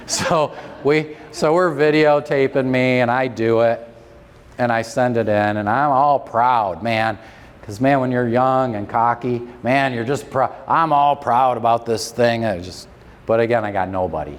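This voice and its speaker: A middle-aged man tells a seminar story in a casual, joking way, laughing at himself and swearing now and then. His voice sits at an ordinary pitch for a man. It rings with the long reverb of a large convention hall. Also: unhurried. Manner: animated, joking, self-deprecating, swears casually. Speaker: chiropractor giving a seminar talk.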